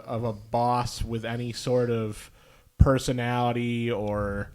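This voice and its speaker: A man's voice: mid-range voice, slow, smooth. A young man co-hosting a casual podcast, sleepy, acting out game stories with sound effects. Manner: animated, acts out anecdotes with sound effects. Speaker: podcast co-host.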